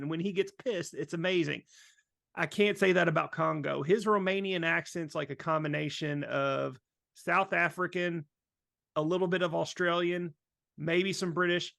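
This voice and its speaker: A man's voice: on the high side, moderate pace, vocal fry, fairly bright tone, dry recording, studio quality. A man talking casually about movie accents, rambling with restarts.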